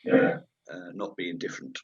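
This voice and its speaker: A comedian telling stage anecdotes in a chat interview, rambling and lively, acting out the voices of people in the story. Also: male voice, low-pitched, fairly quick, breathy edge. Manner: rambling, animated, acts out quoted voices. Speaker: comedian guest. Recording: dull lo-fi audio.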